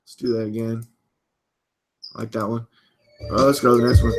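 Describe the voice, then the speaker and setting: A man's voice: mid-range voice, flat delivery, fairly quick, darkish tone, faint music behind. A man hosting a casual live-stream show, rambling and cursing, sometimes half-rapping his talk. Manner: loose, rambling, profane, drifts into rhyme. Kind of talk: casual live-stream chat, half-rapped over a beat. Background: hip hop beat playing.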